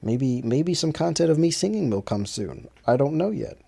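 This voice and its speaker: A man's voice: on the high side, very animated, normal speed, creaky, dark tone, slightly rough. A man who makes his own music talks to listeners in a casual solo monologue. He rambles, restarts his sentences and fills gaps with fillers. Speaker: independent musician hosting his own podcast.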